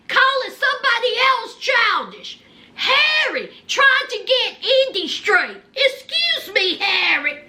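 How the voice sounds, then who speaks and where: Very high, bright-voiced sassy woman. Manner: sassy, chatty commentary. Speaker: TV recap host. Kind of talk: casual reality TV recap.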